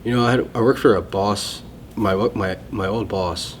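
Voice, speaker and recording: A man's voice: lowish voice, moderate pace, slight background noise. A man in casual conversation, sharing a personal testimony in a rambling, self-interrupting way.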